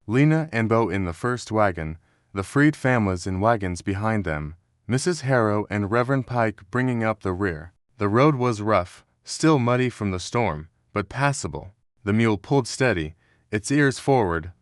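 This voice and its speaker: Low, steady male story narrator. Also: no room sound, clean studio sound. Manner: steady, measured storytelling with quoted dialogue read in the same voice. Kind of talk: scripted narration of a historical story.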